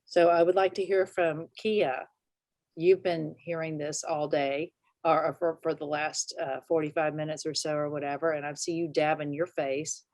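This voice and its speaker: A woman's voice: low-pitched, level tone, moderate pace, a little mellow, no room sound. A woman hosting a talk show, praising her guest effusively and laughing easily. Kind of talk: warm interview chat.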